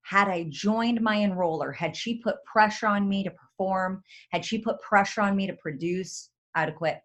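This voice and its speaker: A woman, giving an excitable, chatty motivational talk on a video call and speaking straight to her audience. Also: medium pitch, moderate pace, lo-fi sound. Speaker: guest speaker.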